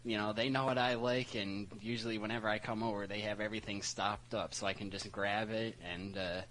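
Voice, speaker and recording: Easygoing young male co-host, low voice. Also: flat delivery, fairly quick, a bit bright, slight background noise, low-quality recording. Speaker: radio co-host. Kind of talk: casual chat and read sports history notes.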